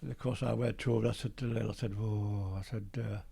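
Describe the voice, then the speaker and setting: An older man with a Geordie accent, a guest on an interview show, telling his story in a lively way and acting out old conversations. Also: fairly low pitch, fast talker, gravelly, husky. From Newcastle, England.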